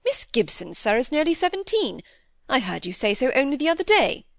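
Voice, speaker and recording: A woman's voice: high-pitched, very animated, a little fast, vocal fry, no room sound, voice pushed up, heavily acted. A woman reading aloud as an offended, stammering young male medical apprentice in a storybook. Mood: defensive. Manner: stiffly indignant, stammering.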